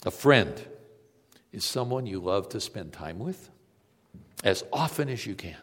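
A male preacher delivering a sermon, telling stories and moving between emphatic peaks and quiet, low passages. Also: big pitch swings, unhurried, long reverb tail.

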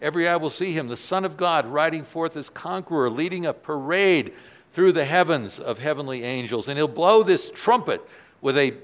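A male pastor preaching a sermon in a church, dropping his voice soft and then swelling loud for emphasis. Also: fairly high pitch, lively intonation, moderate pace.

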